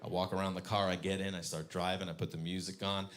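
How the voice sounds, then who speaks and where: A man in his thirties doing stand-up about his kids, telling it deadpan and jumping into high shrill voices for them. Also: fast. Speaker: stand-up comedian. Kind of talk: stand-up comedy. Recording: live club show with faint crowd noise.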